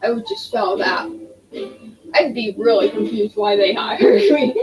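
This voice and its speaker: Woman, casual game commentary, slow rambling talk, game music behind. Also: mid-range voice, low-quality recording. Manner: chatty, rambling, self-deprecating. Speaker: gaming streamer. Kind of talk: casual let's-play commentary.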